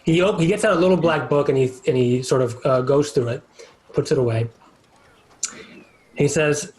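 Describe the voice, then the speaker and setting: A man's voice: fairly high pitch, normal speed, long pauses, a little mellow, poor audio. Easygoing man running a tabletop game. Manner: easygoing, laughs often. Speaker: game master.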